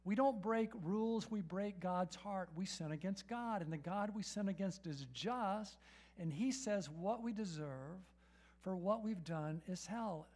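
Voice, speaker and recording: A man preaching a sermon to his church congregation, his voice sitting high. He leans on rhetorical questions and tags lines with "right?" as he speaks to the room. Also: unhurried, darkish tone. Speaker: pastor. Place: church sanctuary.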